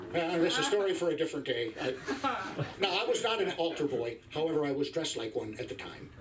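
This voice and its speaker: A man's voice: fairly high pitch, expressive, moderate pace, distant mic, noisy background. A man in his fifties doing a crude, wry stand-up comedy set on a club stage. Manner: crude, profane, wry storytelling.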